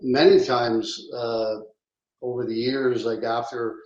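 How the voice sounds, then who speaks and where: A man's voice: medium pitch, little pitch movement, slow, darkish tone. A middle-aged male co-host tells a story in an easygoing, casual way. His voice rings in a roomy space and sounds a bit muffled. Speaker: podcast co-host, former hockey coach. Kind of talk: casual chat.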